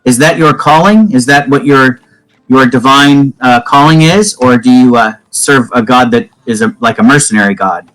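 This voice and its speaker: A man playing a tabletop role-playing game, speaking in character with hesitant pauses and filler words. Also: mid-range voice, a bit bright, poor audio. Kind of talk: in-character role-play mixed with table talk.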